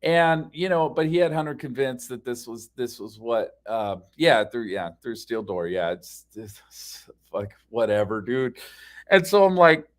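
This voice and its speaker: A man's voice: medium pitch, measured pace. A man telling a story as a casual rant, heated and profane, with frequent fillers. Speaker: podcast ranter.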